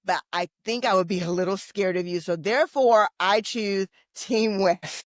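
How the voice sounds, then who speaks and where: A woman co-hosting a podcast, chatting casually with an animated, opinionated manner. Her voice sits in a middle register and rises in loud bursts when she gets worked up. The sound is close and dry, with no room around it. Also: mid-range voice, normal speed, no room sound. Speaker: podcast co-host.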